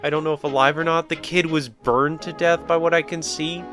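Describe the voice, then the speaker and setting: A man's voice: fairly high pitch, fairly even intonation, a little fast, a bit bright, faint music behind. A young man commentating a sad game as he plays, tearful and rambling, with jokey asides. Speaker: gamer. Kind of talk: let's-play commentary.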